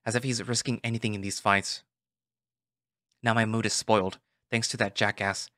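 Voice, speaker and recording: A man's voice: on the low side, flat delivery, normal speed, no echo, studio quality. A man reading a visual novel aloud, narrating an irritated first-person inner monologue. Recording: voice over loud background music.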